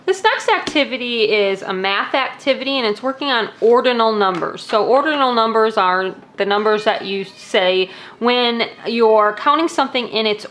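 A woman's voice: medium pitch, fairly bright tone, a little hiss or hum. A young woman casually demonstrating classroom activities, explaining each step with friendly "um"s.

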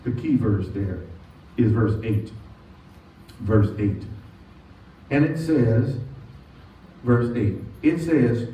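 In a church sanctuary, a mid-range-voiced man delivers a sermon as pastor, leading the congregation in call-and-response and drawing out key words slowly for emphasis. The sound is distant, echoey, dull and lo-fi, with faint noise.

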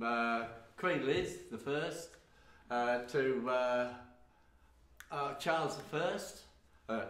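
A man's voice: mid-range voice, fairly bright tone. A man from England introducing folk stories on stage, rambling with lots of fillers and wry asides. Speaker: folk storyteller and performer. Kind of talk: live stage storytelling introduction. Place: live music venue. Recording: echoey hall, mic from far off, guitar faint behind.

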